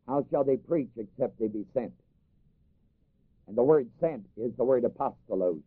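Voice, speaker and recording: Animated and breathy at the edges, a mid-range male voice preaches at normal speed with no echo. He reads scripture in old-fashioned King James phrasing, then explains it, repeating phrases for emphasis and having the congregation finish his lines. The recording sounds dry and phone-like.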